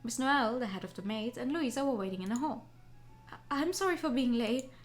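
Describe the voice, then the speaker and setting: A woman on a gaming stream, reading a visual novel aloud with excitable, giggly reactions. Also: on the high side, a little fast, soft background music. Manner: excitable, giggly, swears casually.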